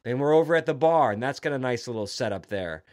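A man's voice: medium pitch, lively intonation, quick pace, darkish tone, dry recording. A man in casual podcast conversation, rambling through a favorite movie scene with growing enthusiasm. His voice sits mid-range and is recorded dry and close. He tosses in fillers and swear words freely. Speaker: podcast co-host. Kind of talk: casual film discussion.

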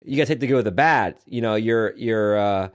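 A man's voice: fairly low pitch, brisk. A man co-hosting a podcast in casual chat, rambling with many fillers and restarts and joking along. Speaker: podcast co-host.

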